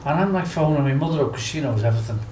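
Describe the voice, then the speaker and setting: A man's voice: fairly high pitch, animated, racing, darkish tone. A man with a Scouse accent telling stories in casual chat, rambling and full of fillers. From Liverpool, England. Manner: rambling, fillers like "do you know what I mean". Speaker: guest storyteller. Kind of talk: casual storytelling. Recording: echoey room with faint noise.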